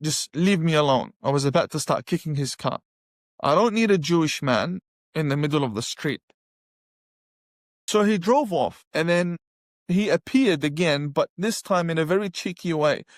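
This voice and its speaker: A man telling his personal testimony in an animated storytelling way, repeating phrases for emphasis. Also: fairly high pitch, moderate pace, no room sound, clean studio sound. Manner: animated, acts out his own past reactions; emphatic repetition. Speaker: guest sharing a conversion testimony.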